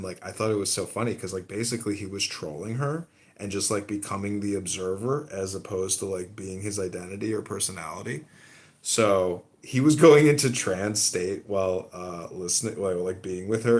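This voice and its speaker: A man hosting a podcast in a casual, meandering monologue, cursing freely and leaning on fillers like "you know" and "like". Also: deep voice. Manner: profane, meandering storytelling with frequent fillers. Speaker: podcast host.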